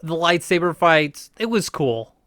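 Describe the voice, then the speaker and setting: A man co-hosting a casual TV review podcast who laughs often and acts out characters' lines in quick little voices. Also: on the high side, animated, fairly bright tone, no room sound, clean studio sound. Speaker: podcast co-host.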